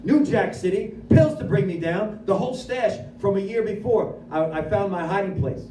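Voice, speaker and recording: A man giving a lively personal recovery testimony at a speaker meeting, acting out his own dialogue as he goes. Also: high voice, normal speed, slight background noise. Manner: animated storyteller who acts out his own dialogue. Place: meeting room at a recovery center. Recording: echoey room, voice from far off.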